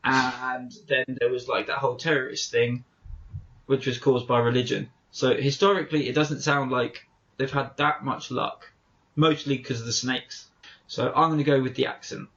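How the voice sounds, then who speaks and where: A man's voice: medium pitch, steady tone, moderate pace, a bit bright, muffled recording. A man co-hosting a podcast, chatting casually and telling rambling stories with lots of self-corrections. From England. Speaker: podcast co-host. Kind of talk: casual chat.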